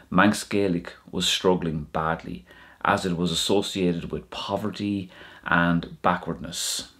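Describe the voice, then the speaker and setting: A man narrating a language lesson, saying each word slowly and clearly and repeating it. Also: deep voice. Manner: slow, clear word-by-word pronunciation with repetitions. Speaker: language teacher. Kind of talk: scripted educational narration.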